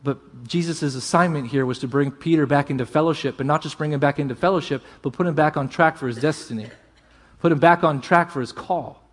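A pastor preaching a sermon, earnest and emphatic, often dropping to a hush. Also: male voice, on the high side, fairly quick.

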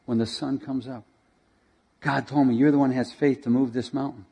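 A man's voice: medium pitch, fairly even intonation, a little fast, vocal fry, mellow, slightly rough. A man voicing an earnest, awed bishop within a sermon story. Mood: hushed.

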